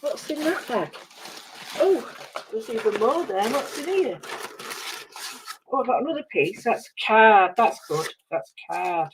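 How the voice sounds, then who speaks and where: A middle-aged woman demonstrating a craft on a live stream, chatting and mocking herself as she works, her voice going hoarse. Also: fairly high pitch, animated, measured pace, pauses often, noisy background. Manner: chatty, self-mocking, talks to herself while working.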